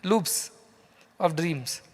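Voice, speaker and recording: His pitch is fairly high, his intonation lively, and he draws out his words. A spiritual teacher with an Indian English accent, he lectures on scripture to a live audience in a big, reverberant hall, telling stories in a conversational way and quizzing the listeners.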